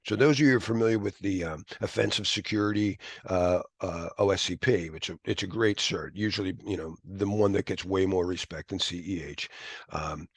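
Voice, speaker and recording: Brief: low, gravelly male instructor, rambling and animated, dry sound. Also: brisk, dry recording. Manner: rambling, animated, with whispered asides. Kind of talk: live classroom lecture.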